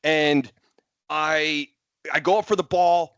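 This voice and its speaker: A man co-hosting a casual sports podcast, telling rambling stories studded with "like." His voice sits high and bright, and the sound is dry and close. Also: fairly even intonation, slow, smooth, no echo, muffled recording. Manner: rambling storyteller, many "like" fillers. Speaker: podcast co-host. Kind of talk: casual chat.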